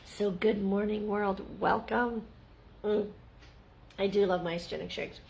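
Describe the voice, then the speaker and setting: A middle-aged Canadian woman telling a story to her viewers in a chatty, animated way. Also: medium pitch, measured pace, creaky, slight background noise, poor audio. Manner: chatty and animated, acts out the people in her stories. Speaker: vlogger. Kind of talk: casual storytelling to camera.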